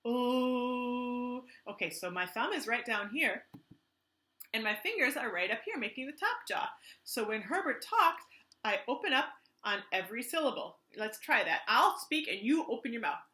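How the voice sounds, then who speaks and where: A woman teaching artist leads a children's art lesson, enthusiastic and gently instructive. Her voice is bright and animated and pitched a little high. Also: normal speed.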